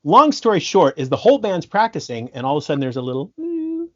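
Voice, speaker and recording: A man telling stories in a casual podcast interview, animated, laughing often and restarting his sentences. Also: on the high side, quick pace, lo-fi sound. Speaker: guest musician and sound engineer.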